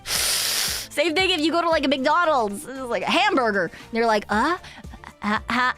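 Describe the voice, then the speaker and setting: A woman's voice: high-pitched, very animated, normal speed, pushed and bright, faint music behind. A woman streamer chatting casually and rambling, laughing often and swearing now and then. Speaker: VTuber streamer. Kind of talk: casual livestream chat.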